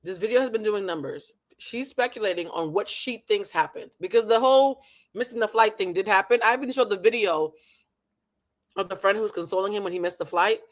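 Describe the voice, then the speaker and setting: A man in his thirties with a high voice hosts a live reaction show. He talks loud and animated, swearing freely as he reacts to each clip. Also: fairly quick. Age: 30s. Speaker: host.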